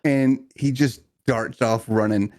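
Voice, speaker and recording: A man co-hosting a podcast, telling a family story in casual chat with lots of laughter and animated retellings. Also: takes it slowly, dry recording, studio quality. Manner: animated, mimics people in high voices, laughs often. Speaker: podcast co-host.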